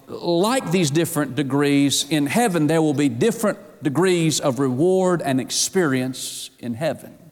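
A man's voice: a little high, measured pace, hardly any pauses, a little mellow, in a large hall. A man preaching a sermon to his congregation, emphatic and firing rhetorical questions at them.

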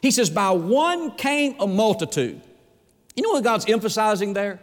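Man, pastor's sermon, emphatic rhetorical questions, high voice, echoey church hall. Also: sing-song, normal speed. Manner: folksy, emphatic, asks the crowd rhetorical questions.

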